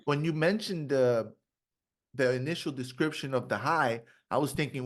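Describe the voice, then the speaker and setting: This is a man hosting a casual podcast interview, with a voice of middling pitch. He talks in a laid-back way and drops in everyday slang. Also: fairly quick, fairly bright tone. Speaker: podcast host.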